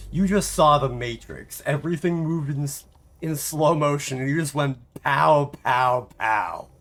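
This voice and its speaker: Slow-talking, gravelly streamer man. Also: a little high. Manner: rambling, self-mocking, laughs often. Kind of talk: casual live game stream chat.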